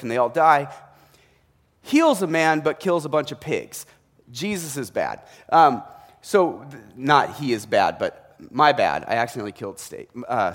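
A man's voice: mid-range voice, big-room sound. A man preaching a sermon as a pastor, in a conversational way with asides and self-corrections.

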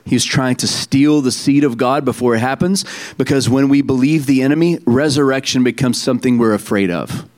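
A man's voice: mid-range voice, a little fast, a little mellow. Man preaching a conversational sermon. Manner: conversational preaching with frequent restarts and asides. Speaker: pastor.

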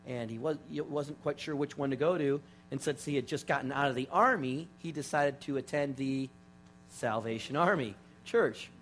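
A pastor telling a story in a sermon, animated and full of restarts. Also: male voice, mid-range voice, normal speed. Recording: steady mains hum underneath.

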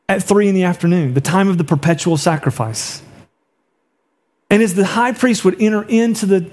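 A man preaching an earnest sermon as a pastor, dropping low and soft when he quotes words.

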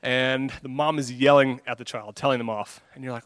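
A man's voice: medium pitch, steady tone, a little fast, a bit bright, no room sound. A man preaching a sermon, earnest and conversational, acting out his own inner thoughts with a self-deprecating touch.

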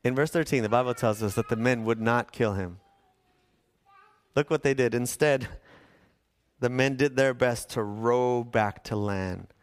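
A man's voice: mid-range voice, unhurried, long pauses. A middle-aged man, a pastor, preaching a sermon in a conversational storytelling way with acted-out quotes.

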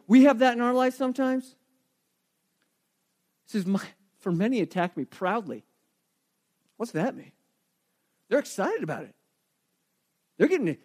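A man preaching a sermon as pastor, telling stories with animated swings and dropping to a quiet voice for emphasis. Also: very high-pitched.

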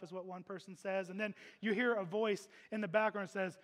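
A man from Texas preaching a sermon, emphatic, with humorous asides, dropping to hushed tones and then rising loud. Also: sits high, steady tone, brisk, hardly any pauses.

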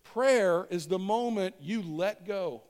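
A man's voice: sits high, slow, darkish tone, clean tone. A male pastor giving a conversational sermon and leading the congregation in call-and-response phrases. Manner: conversational, repeats lines for the congregation to echo.

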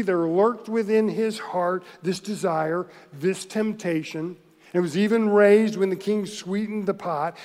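High-voiced pastor preaching, animated and chuckly, big echoey church hall. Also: male voice. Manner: animated storytelling with laughs and voiced quotes. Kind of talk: sermon. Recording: long hall reverb.

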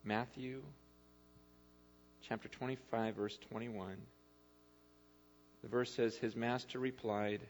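A man preaching a sermon as pastor, moving between loud animated appeals and quiet, intimate talk. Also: medium pitch, takes it slowly, long pauses. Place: church hall. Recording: dull hall recording with mains hum.

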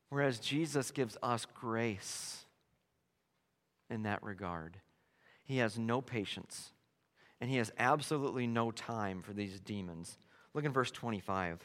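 A man preaching a sermon, emphatic and animated, dropping to hushed tones and then rising to loud declarations. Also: medium pitch. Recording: long hall reverb.

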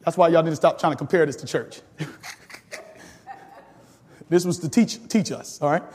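A man's voice: on the high side, moderate pace, darkish tone, breathy edge, in a large hall. A man pastor teaching a sermon with call-and-response, laughing often and building to sudden emphatic rises.

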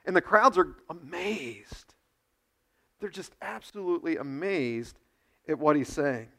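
A man preaching a sermon, animated, with quick asides to his listeners and acted quotes. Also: on the high side, gravelly. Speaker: pastor.

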